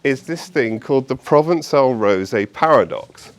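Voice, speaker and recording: A man speaking to an audience at a meetup, telling stories in a chatty, animated way with fillers and frequent tag questions. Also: medium pitch, normal speed. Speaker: conference speaker. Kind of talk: live talk to an audience. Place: meetup event room.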